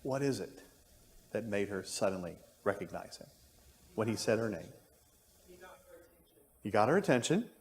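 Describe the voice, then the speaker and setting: A man's voice: on the low side, expressive, normal speed, long pauses. A man teaching an adult Bible class, musing aloud and thinking through his points with frequent restarts. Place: church classroom. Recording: long reverb of a church room.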